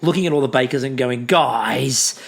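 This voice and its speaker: A man's voice: mid-range voice, normal speed, gravelly. A man co-hosting a podcast, recapping in casual chat with lots of ums and dry asides. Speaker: podcast co-host.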